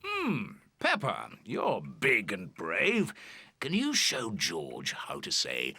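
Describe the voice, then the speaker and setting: Calm kindly bear doctor, low gravelly voice, swoops a lot. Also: male voice, slow, dry recording, full character voice. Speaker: doctor character. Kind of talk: cartoon voice acting.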